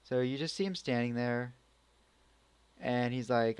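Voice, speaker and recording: Male amateur reviewer, unhurried, loose and rambling delivery. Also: medium pitch, darkish tone, clear, resonant tone, dry recording. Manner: rambling, full of restarts and acted reactions. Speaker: anime reviewer. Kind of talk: casual spoken review.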